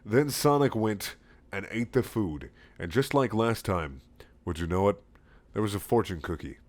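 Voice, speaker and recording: A man's voice: on the low side, expressive, normal speed. A man giving a sarcastic, mocking comic reading of a fan story, swearing and cracking up as he goes. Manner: sarcastic, swearing, often laughing. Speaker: reader.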